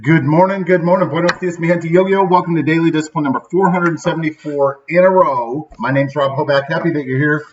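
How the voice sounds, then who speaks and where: Here the thirty-something host from central Illinois sounds a little high, with fairly even intonation, a slightly fast pace and hardly any pauses. His daily show is casual, rambling motivational talk full of "right?", recorded with slightly dull, lo-fi sound and a little hiss or hum.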